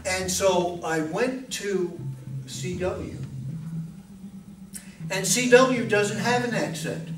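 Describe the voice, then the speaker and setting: A man giving an informal talk to a club meeting as a guest speaker, chatty and often asking the audience questions. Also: sits high. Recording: echoey room, distant mic, faint noise.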